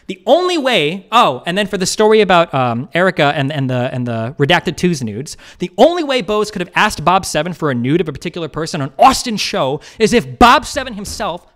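A man streaming a heated rebuttal, talking fast and emphatically with frequent swearing. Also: high-pitched, fairly bright tone.

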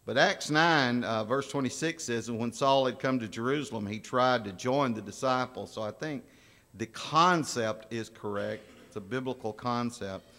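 Folksy preacher in a reverberant church. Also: male voice, mid-range voice, moderate pace, pushed and bright. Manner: folksy storytelling, asks the congregation questions. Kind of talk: sermon. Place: church sanctuary. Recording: long church hall reverb.

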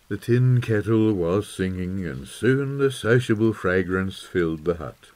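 A man reading a storybook aloud as narrator, calm and measured. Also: low voice. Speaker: audiobook reader. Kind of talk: scripted narration.

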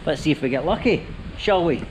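A man's voice: a little high, expressive, fairly quick, slight background noise, poor audio. Chatty Scottish man vlogging. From Scotland. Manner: chatty, self-narrating while walking. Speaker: travel vlogger. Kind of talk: casual travel vlog.

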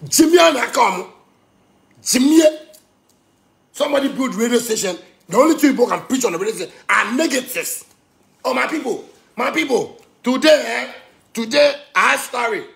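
Angry Ghanaian man ranting in gravelly voice. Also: extremely high pitch, animated, normal speed. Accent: Ghanaian Pidgin English. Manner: heated, swinging between shouting and muttering. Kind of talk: angry rant.

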